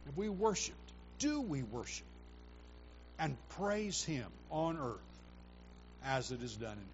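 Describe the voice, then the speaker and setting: A man preaching a sermon, animated, with emphatic raised quotations and frequent restarts. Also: a little high, measured pace. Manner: animated preaching, rising to loud emphatic quotes. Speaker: pastor. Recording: dull lo-fi recording with faint hum.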